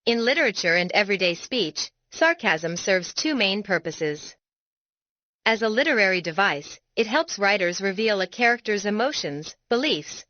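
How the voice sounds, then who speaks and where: Bright-voiced woman narrating a lesson. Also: mid-range voice, dry recording, highs cut off. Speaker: educational narrator. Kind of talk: scripted explanatory narration.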